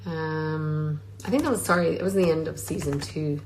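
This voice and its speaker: A woman with a slightly low voice, talking casually into her phone on a live stream. She reads out fans' questions and answers them with lots of "um"s along the way. She is an actress chatting easily from Scotland. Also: steady tone, moderate pace, a little mellow, a little hiss or hum, low-quality recording. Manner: reads questions aloud, many filler ums. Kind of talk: casual livestream Q&A. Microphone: phone on a social media live stream.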